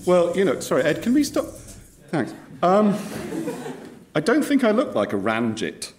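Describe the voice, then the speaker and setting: A man's voice: sits high, wildly swooping pitch, normal speed, a little mellow. A male comedy cast member, doubtful and politely awkward in scripted banter.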